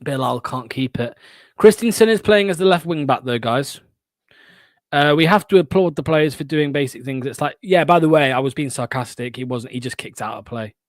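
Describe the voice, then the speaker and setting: A man's voice: medium pitch, animated, normal speed, no echo, studio quality. A young man hosting a fan watchalong, giving live play-by-play with blunt, sarcastic asides and swearing.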